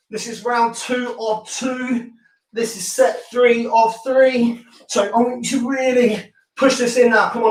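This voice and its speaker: A man from the UK coaching a home workout, encouraging and joking as he counts down reps. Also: high-pitched. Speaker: fitness instructor. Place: room at home. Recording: roomy sound, mic at a distance.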